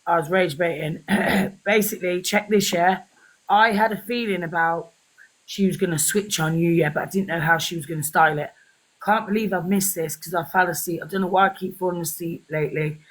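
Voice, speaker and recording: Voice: mid-range voice, fairly even intonation, a little fast, a bit bright, rough recording. A guest on a phone livestream with a sore throat, talking in a chatty, slangy, teasing way. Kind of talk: casual livestream chat.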